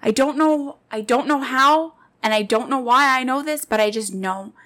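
A woman in her late twenties hosts a podcast, sharing personal stories in an earnest, heartfelt monologue aimed straight at her listeners. Her voice is high-pitched and sharp in tone, at a moderate pace.

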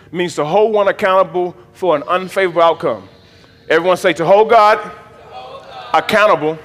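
A man's voice: sits high, fairly bright tone, in a large hall. A man, the bishop of his church, preaching a sermon with call-and-response and folksy jokes to the congregation. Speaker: pastor, bishop. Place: church sanctuary.

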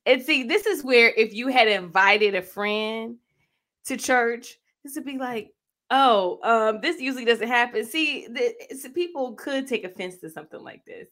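A woman's voice: on the high side, lively intonation, unhurried, fairly bright tone. A woman co-hosting a casual show, giving wry, opinionated reactions to church videos. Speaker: co-host.

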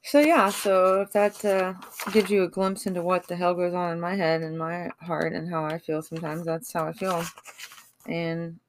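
A woman's voice: fairly low pitch, steady tone, normal speed, a little hiss or hum. A woman in a casual vlog, frankly chatting and reading her own emotional poems aloud with feeling, swearing freely. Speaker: vlogger.

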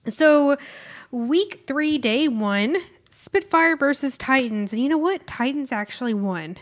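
A woman co-hosting a casual gaming podcast, reacting and teasing her co-host in quick banter. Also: sits high, animated. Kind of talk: casual esports podcast chat.

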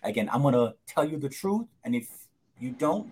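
A man co-hosting a casual podcast chat, speaking in a measured way with frequent fillers and "okay"s. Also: mid-range voice, big pitch swings, a little mellow, slight background noise. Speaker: co-host.

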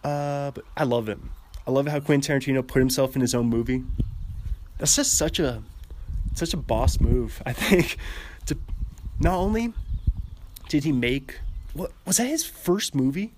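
A man's voice: mid-range voice, lively intonation, moderate pace, pauses often, darkish tone, a little hiss or hum. A young man talking casually on a podcast, rambling and chatty, laughing often and restarting his sentences.

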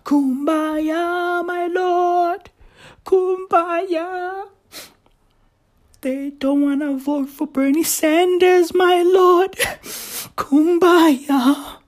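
A woman's voice: extremely high pitch, steady tone, very slow, a little mellow, voice pushed up, heavily acted. A woman voicing a whiny liberal figure, chanting in a mocking sing-song.

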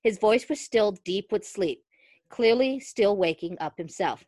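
A woman podcast host reading a fan fiction story aloud, expressive and quick to break into laughter. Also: medium pitch, no echo.

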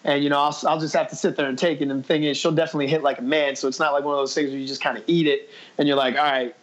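A man's voice: a little high, flat delivery, racing, dull audio. Brash, swearing man telling stories. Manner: profane, quotes himself with "I was like"; blunt and brash. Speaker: podcast guest. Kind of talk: casual interview storytelling.

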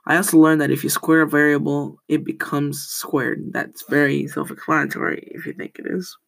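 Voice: mid-range voice, flat delivery, moderate pace, gravelly, a bit bright, low-quality recording. A teenage student hosting a casual school podcast, rambling, often correcting themselves and telling corny jokes.

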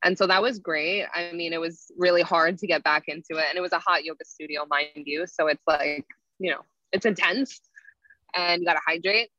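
A woman's voice: on the low side, brisk, bright, forceful tone, no echo. A young woman, a yoga teacher telling stories in a casual interview, full of "like" fillers. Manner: chatty, frequent "like" fillers. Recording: dull lo-fi sound.

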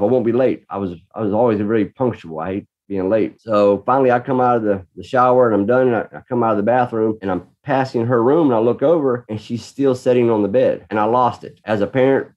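A man's voice: fairly low pitch, fast, few pauses, lo-fi sound. A man in a casual conversation, earnestly telling a story about being a parent. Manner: earnest storyteller, reenacts his own shouting.

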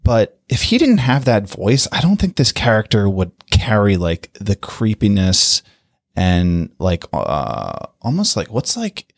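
Male co-host, lowish lively pitch, halting word-searching chat. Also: vocal fry, no room sound, clean studio sound. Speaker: podcast co-host. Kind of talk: casual chat.

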